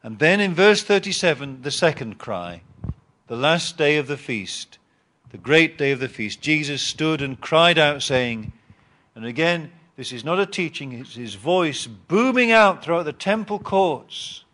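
A man preaching a Bible teaching sermon, reading scripture and explaining it with emphatic rises and pauses. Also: a little high, lively intonation, pushed and bright. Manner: reads scripture aloud and repeats words.

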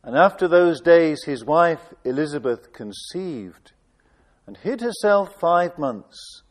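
Slow, high-voiced preaching man. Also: lively intonation. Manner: slow, deliberate reading with dramatic emphasis and asides. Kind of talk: sermon reading and expounding scripture.

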